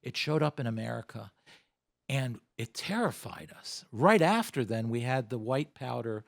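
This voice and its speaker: A man answering interview questions as a former government advisor. He explains at a measured pace and leans hard on key points. His mid-pitched voice sounds dry and close. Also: sing-song, vocal fry, dry recording.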